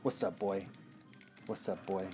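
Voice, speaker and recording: Music runs under a man's low-pitched, unhurried voice. While playing a retro video game he comments casually, swearing, joking to himself, and trash-talking whatever enemies appear.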